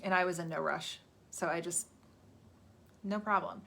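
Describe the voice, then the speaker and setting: A woman's voice: on the low side, steady tone, normal speed, gravelly, fairly bright tone. Chatty woman giving a rambling pep talk. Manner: chatty and rambling, laughs at herself. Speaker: spiritual healer hosting a live stream. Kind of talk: casual motivational talk. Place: indoors, livestream. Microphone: phone or webcam on a live stream.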